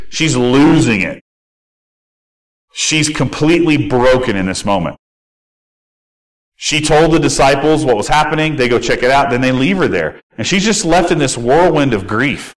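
A man's voice: medium pitch, a bit bright, poor audio. Male pastor, conversational sermon delivery, candid asides, mid-range voice.

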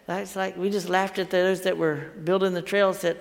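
A man's voice: high-pitched, little pitch movement, normal speed, vocal fry. A middle-aged man giving a folksy, conversational sermon, telling stories and repeating words as he thinks aloud. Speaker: pastor. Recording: long hall reverb.

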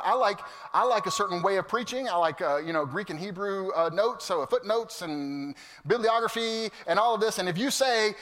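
High, bright-voiced preacher man in a big hall. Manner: animated, storytelling, swings from loud to hushed. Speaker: pastor. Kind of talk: sermon. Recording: long hall reverb.

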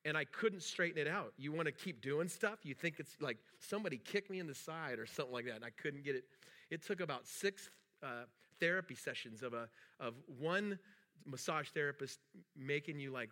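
Male pastor, middle-aged, bright and slightly high, loose anecdotal sermon delivery. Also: normal speed. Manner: rambling storytelling with restarts; acts out quoted dialogue in a raised voice.

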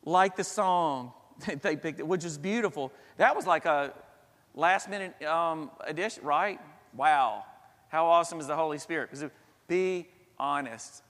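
A man preaching a sermon as pastor, earnest, with dramatic pauses and swells. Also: on the high side, a bit bright. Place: church sanctuary. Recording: long reverb of a church hall.

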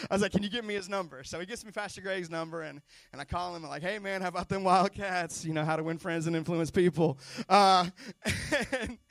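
A man in his thirties preaching a storytelling sermon, animated and stumbling over repeated words. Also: fairly high pitch, vocal fry, no room sound. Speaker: pastor.

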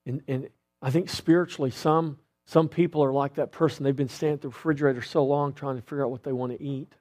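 A man's voice: mid-range voice, steady tone, fast, a little mellow. A middle-aged man preaching a sermon as pastor, talking conversationally and asking the congregation rhetorical questions.

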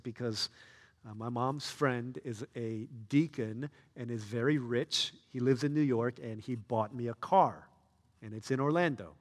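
Male pastor, mid-pitched, lively storyteller, soft to loud. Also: big-room sound. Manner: storytelling, swings between soft and loud, excited. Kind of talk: sermon.

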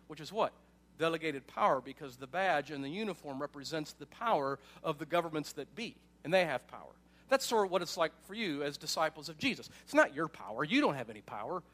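Male pastor, high-pitched, casual conversational sermon delivery with asides. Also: a bit bright. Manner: conversational preaching with frequent asides and "right?".

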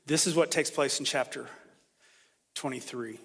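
A man preaching a sermon as a pastor, talking in a conversational, animated way and acting out the voices he quotes. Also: mid-range voice, moderate pace, breathy edge. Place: church sanctuary. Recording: long hall reverb.

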